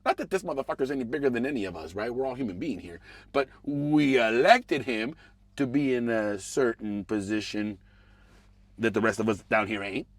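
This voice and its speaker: A man hosting a podcast. He rants casually and profanely about politics, muttering one moment and shouting the next. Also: medium pitch, normal speed, no echo. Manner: animated, profane, swings between mumbling asides and raised outbursts. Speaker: podcast host.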